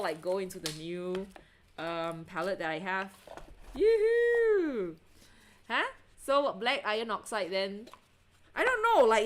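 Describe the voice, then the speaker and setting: Woman livestream host, casual chatter, easily excited, laughs often, talks to her audience. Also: mid-range voice. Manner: chatty and excitable, lots of self-interruptions and giggles; asks viewers to check things, answers chat.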